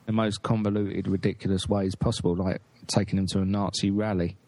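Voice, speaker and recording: A male podcast host rambles bluntly through a film rant, swearing freely. His voice sits a little low for a man, in loose, casual talk. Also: level tone, brisk, a little mellow. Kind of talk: casual chat.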